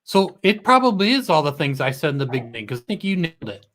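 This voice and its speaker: A man's voice: fairly high pitch, big pitch swings, fast, fairly bright tone, slight background noise. A man hosting a live stream, asking questions in a playful, joking way. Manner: playful, jokey, laughs often. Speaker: live stream host interviewing guests. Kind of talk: casual chat.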